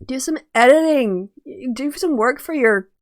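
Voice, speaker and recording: Woman, host, casual commentary, chatty, laughs a lot, fairly high voice. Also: expressive, measured pace, no echo, studio quality.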